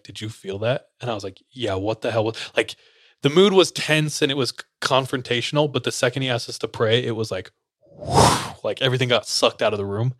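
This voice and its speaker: A man's voice: mid-range voice, a bit bright, dry recording, clean studio sound. A young man, a podcast co-host, telling a story in casual chat and acting out the lines of the people in it. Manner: loose, laughing, acts out quotes.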